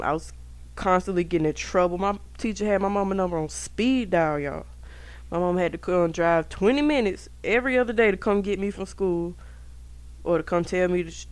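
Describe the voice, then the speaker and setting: A woman's voice: on the low side, brisk, clean tone, dry recording. Profane young woman telling stories, dry sound. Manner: profane, animated, talks straight to listeners. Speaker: podcast host. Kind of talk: casual storytelling podcast. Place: indoors at home.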